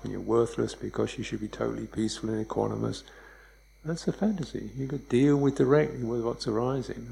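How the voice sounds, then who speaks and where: A man giving a dharma talk as a meditation teacher, speaking in a relaxed, conversational way and chuckling often. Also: mid-range voice, gravelly, low-quality recording.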